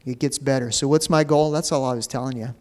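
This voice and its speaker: A man's voice: medium pitch, steady tone, fast. A man preaching a sermon as pastor, talking in a loose, conversational way full of fillers. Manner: conversational preaching with many "you know" fillers. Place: church sanctuary. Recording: long reverb of a church hall.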